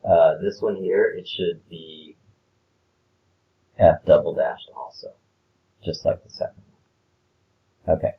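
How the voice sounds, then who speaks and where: A man's voice: low-pitched, takes it slowly, pauses often, muffled recording. A man talking through a math worksheet in a casual screencast lesson, explaining step by step with filler words. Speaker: math teacher.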